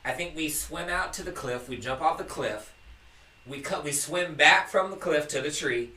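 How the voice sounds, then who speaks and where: A man's voice: fairly high pitch, normal speed. A young man telling a rowdy story in casual chat on a live stream. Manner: animated, laughing storyteller. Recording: echoey room, mic at a distance.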